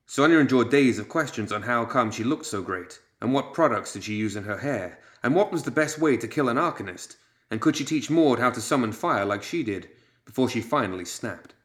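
A man reading a story aloud as audiobook narrator, measured and steady. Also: mid-range voice, roomy sound.

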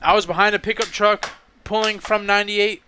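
A man's voice: high voice, level tone, a little fast, bright, forceful tone, slight background noise. A man, co-hosting a podcast and telling a rambling, profane story with lots of repeats. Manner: swearing, repeats himself, lots of "he was like". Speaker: podcast co-host. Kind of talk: casual storytelling chat.

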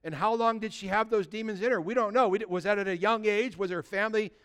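A man preaching a sermon as pastor, animated and conversational, with lots of rhetorical questions, swinging from loud emphasis to hushed tones. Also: high voice, quick pace, smooth.

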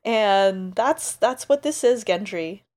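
Woman co-host, loose chatty delivery, mid-pitched voice, tosses in quoted asides. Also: lively intonation, takes it slowly, darkish tone. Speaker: podcast co-host. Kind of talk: casual chat.

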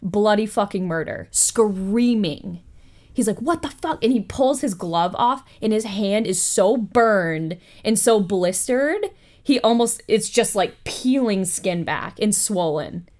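A woman hosting a podcast. She retells a story in a casual, animated way, with profane asides. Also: medium pitch, slow. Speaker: podcast host.

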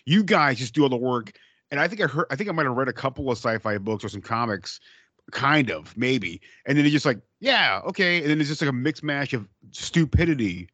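Husky-voiced man rambling on a podcast. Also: mid-range voice, animated, brisk, sharp tone, no room sound. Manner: rambling, mocking, lots of fillers. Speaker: podcast co-host. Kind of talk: casual chat. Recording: dull, lo-fi dry sound.

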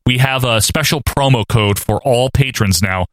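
A man's voice: mid-range voice, moderate pace, a bit bright, no room sound. A man hosting a podcast, talking in an easygoing, joking way and laughing often. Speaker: podcast host. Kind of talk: casual podcast chat.

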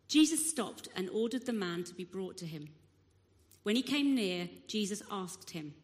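A woman giving a sermon, telling a Bible story with expressive delivery and acting out the crowd's voices. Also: mid-range voice, normal speed. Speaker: preacher. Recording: long hall reverb.

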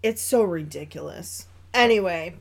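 In a relaxed podcast conversation reviewing a movie, a female co-host speaks with animation and frequent laughter. Her voice is low and gravelly, and she takes her time.

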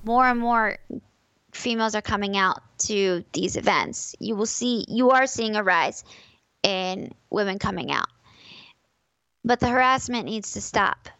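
A woman's voice: medium pitch, a little slow, fairly bright tone, smooth, no echo, rough recording. Emphatic woman on a dry mic. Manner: emphatic, repeats key phrases. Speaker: podcast guest, competitive fighting game player. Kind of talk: casual podcast conversation.

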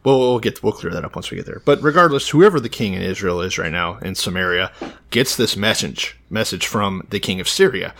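Wisecracking man with animated delivery. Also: on the low side, a little fast, vocal fry. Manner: profane, teasing, blunt wisecracks. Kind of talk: casual comedic podcast banter about the Bible.

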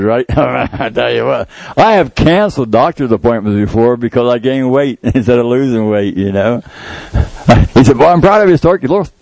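A man's voice: mid-range voice, darkish tone, dry recording, low-quality recording. A man giving an informal, folksy sermon, joking about himself and reading scripture aloud. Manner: folksy, jokey, laughs at himself, quotes scripture. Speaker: lay preacher.

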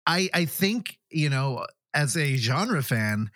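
Male host, lively pitch, dry close mic, enthusiastic and profane. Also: slow pace, no room sound. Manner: enthusiastic, swears freely. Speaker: podcast host. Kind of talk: casual interview chat.

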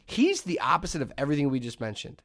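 A man's voice: a little high, quick pace, dry recording, studio quality. A middle-aged man co-hosting a podcast, telling stories in casual chat and acting out quotes as he goes. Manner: animated storyteller, acts out quotes. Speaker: podcast co-host.

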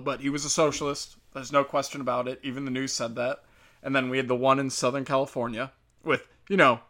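An American man rants on his own show in a loose, off-the-cuff way. He is sarcastic and swears constantly. His voice has a bright, forceful edge. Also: medium pitch. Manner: crude, sarcastic and profane. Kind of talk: casual solo rant.

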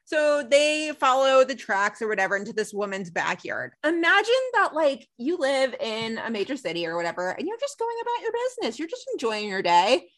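Young woman, podcast co-host, animated storytelling, bright tone. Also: a little high, fairly quick, hardly any pauses. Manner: animated storytelling, acts out quotes. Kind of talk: casual recap chat.

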